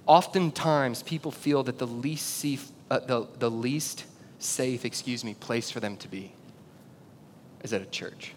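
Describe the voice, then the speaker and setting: Animated pastor preaching in a big hall. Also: male voice, a little slow. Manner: animated storytelling, builds to shouts then drops low and intimate. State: out of breath. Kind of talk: sermon. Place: church auditorium. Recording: long hall reverb, faint rumble.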